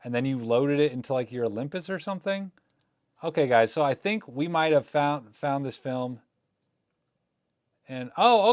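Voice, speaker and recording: A man's voice: a little high, no room sound. A man chatting casually and joking as he looks through his film scans live, recorded close and dry. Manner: chatty, joking, thinking aloud. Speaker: photography vlogger. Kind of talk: casual live commentary while scanning film.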